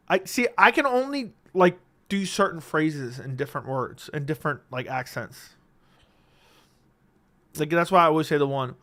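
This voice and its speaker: Hosting a relaxed livestream at home, this man reads out viewer messages, cursing freely into a studio dynamic microphone. His voice is fairly high and a little bright, and he speaks briskly.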